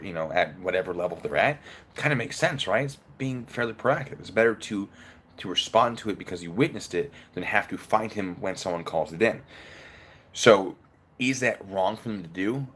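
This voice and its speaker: Brief: low-pitched man, casual opinionated commentary, faint background noise. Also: a bit bright. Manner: conversational, opinionated, breaks down the case step by step. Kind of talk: casual commentary while eating.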